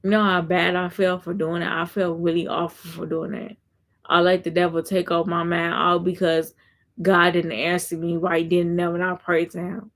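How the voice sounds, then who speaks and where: Woman live-streamer, earnest faith chat, monotone delivery with a lot of vocal fry. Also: on the low side, moderate pace. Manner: reads viewer comments aloud and answers them; earnest, repeats herself. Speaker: content creator.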